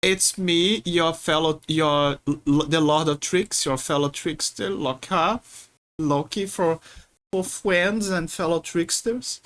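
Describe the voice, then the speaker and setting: A woman's voice: low voice, slow, a bit bright. A woman from Brazil, chatting casually and playfully with viewers while streaming a game, often restarting her sentences. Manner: rambling, playful, many restarts.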